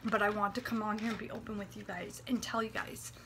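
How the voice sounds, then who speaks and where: A woman in her late twenties, talking in a personal vlog, anxious and near tears, with a dry throat, halting and often dropping to a whisper. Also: medium pitch, little pitch movement, creaky, background noise. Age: 20s. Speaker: vlogger. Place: warm apartment room.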